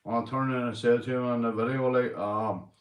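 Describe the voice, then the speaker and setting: A tipsy Northern Irish man, a few beers in, hosts a casual livestream, rambling, swearing and laughing a lot as he chats with viewers. His voice sits at medium pitch with a steady tone and moderate pace. The audio is dull and sounds roomy.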